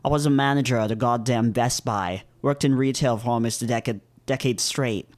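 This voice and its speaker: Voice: medium pitch, a little fast, lightly acted. A reader voicing a brash, crude adult male goat-man in a mock British accent, swaggering and profane. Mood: bitter.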